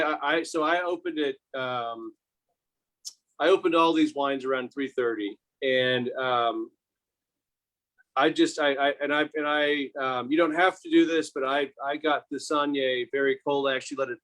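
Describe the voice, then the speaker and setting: A man from the winery family talking through a wine tasting, halting and full of restarts. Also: medium pitch, a bit bright. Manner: halting, many restarts and fillers. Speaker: winery owner. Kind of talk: casual tasting chat.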